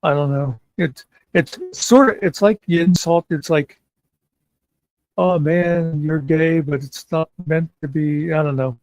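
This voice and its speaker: A man's voice: on the high side, moderate pace, a little mellow, dry recording, low-quality recording. A man hosting a casual chat show, rambling and meandering with many fillers. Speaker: podcast host.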